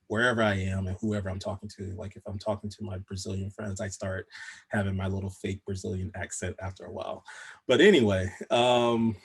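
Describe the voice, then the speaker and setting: Husky low-voiced man, plain American. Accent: General American. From Southern United States. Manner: relaxed storytelling with frequent light laughs. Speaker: panelist. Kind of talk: panel discussion over video call. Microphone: video call.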